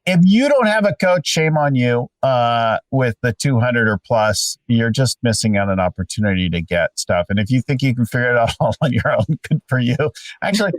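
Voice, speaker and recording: A man's voice: medium pitch, lively intonation, moderate pace, no echo. A man in his fifties co-hosting a podcast, chatting casually in an upbeat, emphatic way. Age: 50s. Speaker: podcast co-host. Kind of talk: casual chat. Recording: dry sound, distant from the mic.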